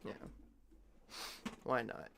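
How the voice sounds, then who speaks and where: A man's voice: drawn-out words, a bit bright, slight background noise. A man streaming a reaction commentary, ranting with lots of swearing and stammering.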